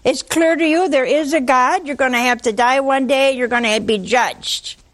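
An older woman giving a sermon, telling the story in a lively way, acting out voices and asking her listeners questions. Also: sits high, normal speed. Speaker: preacher.

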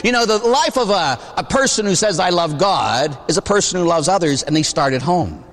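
A man in his forties, a priest from Pittsburgh, preaches in a slightly raised voice. He tells stories in an easy, chatty way and checks in with the pews with a quick "huh?". A long reverb trails his words through the church. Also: sits high, expressive, a bit bright. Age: 40s. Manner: conversational storytelling, frequent "huh?" asides. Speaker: Catholic priest. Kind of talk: sermon.

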